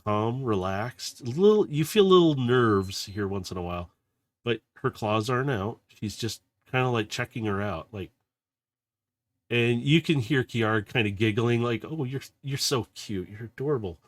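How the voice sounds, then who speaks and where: A man runs a tabletop game with loose, rambling narration in a mid-range voice. He keeps pausing on fillers and laughing as he goes, and the sound is dry and close to the mic. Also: medium pitch, expressive, no echo. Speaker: game master.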